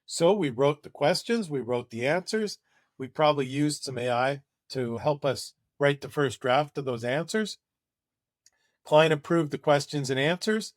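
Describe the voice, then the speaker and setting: A man's voice: on the high side, animated, unhurried, no room sound, studio quality. Enthusiastic man presenting a webinar. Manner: enthusiastic and conversational. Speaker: marketing agency presenter.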